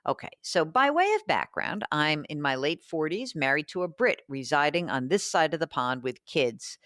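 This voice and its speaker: A woman's voice: deep voice, very animated, normal speed, a bit bright, no room sound, studio quality. A woman hosting a radio call-in show about money, chatty and thinking aloud as she answers listener questions.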